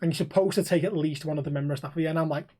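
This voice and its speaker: A man's voice: on the high side, steady tone, very fast, warm tone. Sweary man telling stories. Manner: sweary, acts out the people in his stories. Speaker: podcast co-host. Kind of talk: casual storytelling chat.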